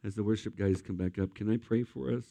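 A man preaching a sermon at a church service in an energetic, conversational way, talking straight to the congregation. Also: on the low side, fast talker, creaky, no room sound. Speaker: pastor.

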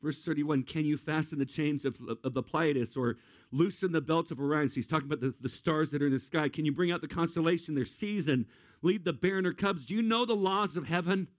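A man preaching a humorous sermon to a live audience, asking the crowd questions and acting out voices with animated energy. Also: a little high, fairly quick, no room sound, clean studio sound.

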